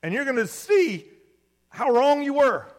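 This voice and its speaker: A man acting out a stern father who gives his son loud, firm orders. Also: high-pitched, expressive, rapid-fire.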